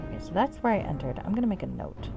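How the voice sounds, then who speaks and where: A woman's voice: fairly low pitch, sing-song, very fast, gravelly. A woman streaming a game, chatting casually and swearing freely. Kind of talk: casual let's-play commentary. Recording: game music behind.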